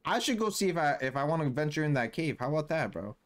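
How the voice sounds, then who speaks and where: A man's voice: a little high, big pitch swings, fast. A young man giving casual, slang-heavy commentary on a game he is playing. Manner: casual, playful slang, voices characters in fun. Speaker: gaming YouTuber.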